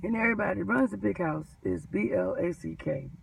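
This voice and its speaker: A woman, a postal mail handler, telling her story in an animated, emphatic vlog rant. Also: medium pitch, brisk, creaky, recorded from a distance, a little hiss or hum, low-quality recording.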